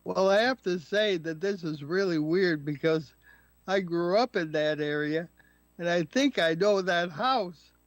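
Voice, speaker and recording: An older man co-hosting a radio talk show over a remote call, talking in a halting way with many filler words. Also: high-pitched, no room sound, soft background music. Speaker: co-host.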